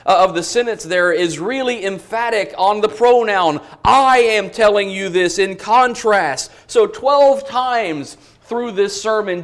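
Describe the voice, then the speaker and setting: His voice pitched high, a preacher works through an expository sermon. He reads the scripture with earnest emphasis and eases his pace on quotations.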